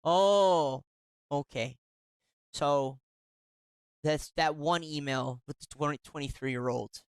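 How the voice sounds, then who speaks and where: A sarcastic host, indignant over emails they're reading aloud, talks through a commentary segment at a slow pace. Their smooth, middling-pitched voice keeps stumbling and restarting in the middle of sentences. The recording is dry and close, with no room sound.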